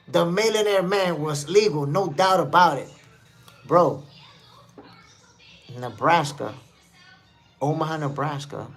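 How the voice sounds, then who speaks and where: A man from New City, hosting a live stream and giving casual commentary while reading the chat, emphatic and repetitive. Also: on the high side. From New York City. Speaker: livestream host.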